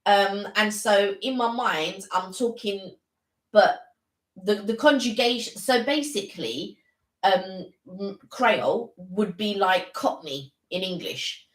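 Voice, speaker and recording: A woman co-hosting a live stream in casual chat, thinking aloud and sometimes slipping into halting French. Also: mid-range voice. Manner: chatty, thinks aloud while talking; switches into halting French at times. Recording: echoey room.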